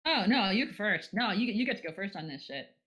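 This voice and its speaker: A woman's voice: medium pitch, very animated, fairly quick, fairly bright tone. An American woman co-hosting a casual podcast, playful and teasing as she talks. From United States. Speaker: podcast co-host. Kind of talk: casual chat.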